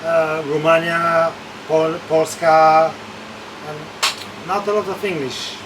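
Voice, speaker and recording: A bar owner talks in an animated way, acting out other people's complaints in his high voice. He is caught from some distance away, with clear street noise around him. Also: slow pace. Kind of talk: casual street conversation. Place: outdoors on a village street.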